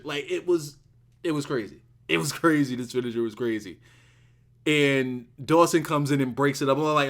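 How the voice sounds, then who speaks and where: Male reviewer, mid-pitched, casual solo talk, excitable, rambling, hammers words through repetition. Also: moderate pace. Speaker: wrestling show reviewer.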